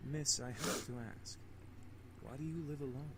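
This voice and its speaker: A man's voice: on the high side, steady tone, moderate pace, lightly acted. An actor voicing a polite, composed male incubus in a dating game, speaking formally and courteously.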